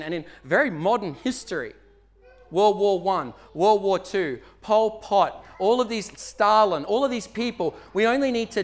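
A man's voice: high voice, fairly bright tone. A male pastor from Australia preaching a sermon in a church, earnest and conversational, building to emphatic peaks.

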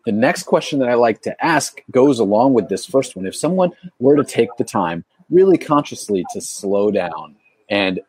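Male interviewer, measured and thoughtful; low, husky voice in a dry room. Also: a little mellow, no echo. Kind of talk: interview questions.

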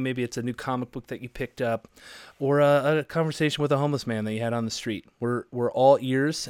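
A man's voice: mid-range voice, clear, resonant tone, dry recording. Man in his thirties, casual podcast co-host, rambling and jokey, dry close sound. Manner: rambling, jokey, lots of fillers.

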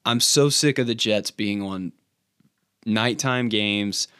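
On the low side and slow, this man's voice is bright and forceful, captured cleanly without echo. As a sports podcast co-host he reads out a punny recap before moving into casual talk marked by fillers and restarts.

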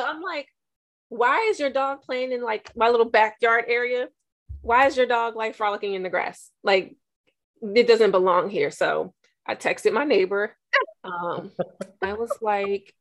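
A woman's voice: on the high side, moderate pace, a bit bright. A woman telling a story in casual chat, chatty with dramatic retelling.

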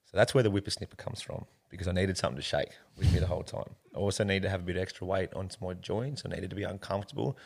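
Gravelly deep-voiced Australian man. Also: rapid-fire, few pauses, darkish tone. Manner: rambling, earnest, calls the host mate. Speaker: interview guest. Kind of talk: casual storytelling interview.

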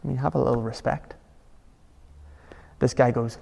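A man's voice: medium pitch, steady tone, normal speed, gravelly, long pauses, a little mellow, big-room sound. A man preaching a sermon in a conversational, emphatic way, asking his listeners rhetorical questions. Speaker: pastor.

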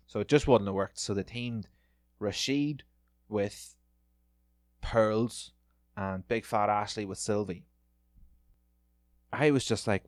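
A man's voice: lowish voice, normal speed, darkish tone, dry recording, studio quality. A man hosting a podcast, delivering a rambling, profane, sarcastic comedic rant on his own. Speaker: podcast host.

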